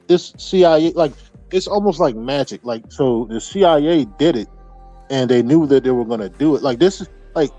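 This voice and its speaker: A man's voice: medium pitch, dark tone. A man talking casually as podcast host, rambling with lots of restarts and fillers. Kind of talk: casual chat. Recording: dull lo-fi audio.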